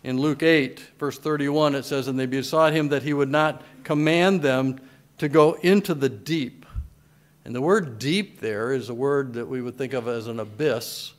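A man's voice: mid-range voice, steady tone, moderate pace. A man preaching a sermon as pastor, reading scripture with emphatic, swelling delivery. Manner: emphatic scripture reading in old-style wording.

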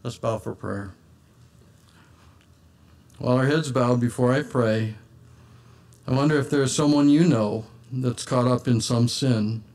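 A man's voice: mid-range voice, unhurried, pauses often, darkish tone. A man preaching an earnest sermon and reading scripture aloud in old-fashioned wording.

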